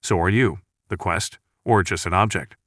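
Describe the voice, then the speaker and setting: A man's voice: low voice, moderate pace, fairly bright tone, no room sound, clean studio sound, pitched below the performer's own voice. A man reading the lines of a blunt young male adventurer who talks curtly and dismissively. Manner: curt, dismissive. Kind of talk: recap narration with read-out dialogue.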